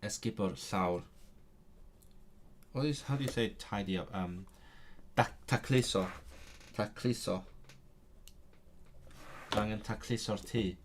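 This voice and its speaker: Hesitant low-voiced man practicing aloud. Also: slow pace, pauses often, a little hiss or hum. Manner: hesitant, with many restarts and self-corrections. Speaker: language learner streaming a practice session. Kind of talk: halting spoken practice, switching to English asides.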